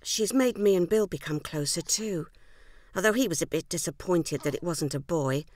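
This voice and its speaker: An actress playing a weary housewife in a loveless marriage, narrating a scripted film monologue in a wry, rueful and quietly downcast way. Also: female voice, on the low side, expressive, normal speed, no room sound, lightly acted. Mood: wistful.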